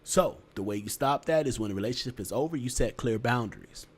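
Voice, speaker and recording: A man's voice: mid-range voice, expressive, quick pace, husky. Blunt, profane man giving relationship advice. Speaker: podcast host. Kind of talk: casual podcast chat.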